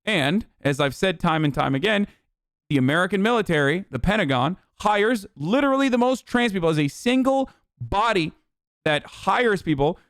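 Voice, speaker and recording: A man's voice: high-pitched, lively intonation, normal speed, a bit bright, no echo, studio quality. A man hosting a stream, giving heated, profane casual political commentary. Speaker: streamer host.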